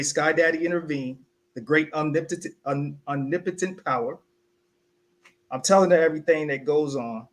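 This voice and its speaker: A young South Carolina man co-hosting a casual podcast tells a personal story with animated, conversational energy. His voice is slightly higher than most men's, and he shifts into the voices of the people he quotes.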